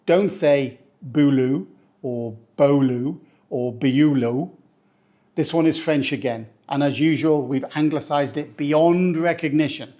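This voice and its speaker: A man from England, a teacher giving a playful pronunciation lesson who slows down to say each word. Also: on the high side, a little mellow. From northeast England. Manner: playful, slows down to spell out words. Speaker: English teacher.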